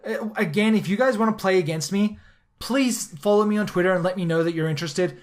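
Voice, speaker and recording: Excitable, rambling podcast host. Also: mid-range voice, brisk. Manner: excitable, rambling, repeats words when starting sentences. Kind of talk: casual podcast chat.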